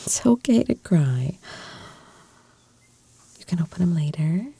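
A woman voicing an affectionate girlfriend who gently reassures and teases her partner, in a whispered role-play. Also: lowish voice, sing-song, a little slow, gravelly, breathy edge, dry recording, exaggerated voice. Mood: tender. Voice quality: soft, gentle, reassuring, playfully teasing.

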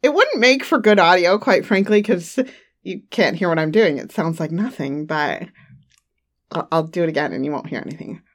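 Her voice is lowish and expressive, moving at a moderate pace, as she gives listeners a relaxed monthly catch-up. The adult audio creator records on a studio mic at home, giggling, letting thoughts drift off with fillers, her nose a bit runny.

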